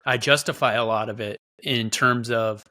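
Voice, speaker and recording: Podcast host guy, bright clear voice, candid and reflective. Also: medium pitch, steady tone, moderate pace. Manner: reflective, candid, asks questions. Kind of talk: casual interview.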